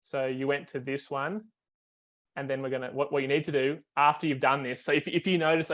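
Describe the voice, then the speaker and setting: Flat-voiced man coaching with fillers. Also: medium pitch, fairly quick. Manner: explains step by step with many fillers and restarts. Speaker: foiling coach. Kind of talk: coaching call video review.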